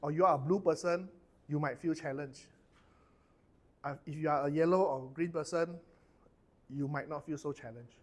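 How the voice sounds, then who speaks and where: A man's voice: a little high, normal speed, long pauses. A middle-aged man with a Malaysian English accent leading a corporate training workshop, chatty and loose, dropping lah and lor at the end of his sentences.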